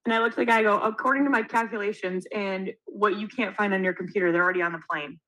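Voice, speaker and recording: Young woman, podcast co-host, casual storytelling, animated, swears, acts out what people said. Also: medium pitch, quick pace, low-quality recording.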